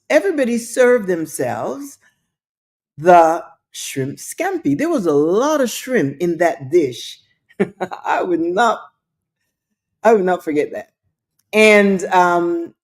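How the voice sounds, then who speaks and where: A woman hosting her own show, telling a story in a chatty, skeptical way with frequent restarts and asides. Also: mid-range voice. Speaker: show host. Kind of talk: casual storytelling monologue.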